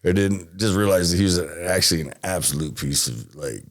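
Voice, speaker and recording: A man's voice: deep voice, expressive, a little fast. A man from Texas telling a rambling, swearing story as an interview guest.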